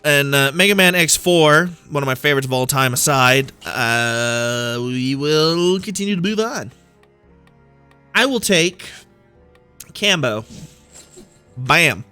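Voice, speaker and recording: Playful, bright-voiced male gamer. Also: on the high side, slow pace, pauses often, clean tone, faint music behind. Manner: playful, jokey, goes off on tangents. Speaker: gaming YouTuber. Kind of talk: let's-play commentary.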